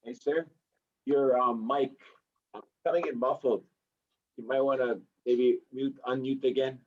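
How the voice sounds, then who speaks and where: A man's voice: medium pitch, steady tone, a little slow. Man with muffled, distant call audio. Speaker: call participant. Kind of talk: casual remark on a call. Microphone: video call.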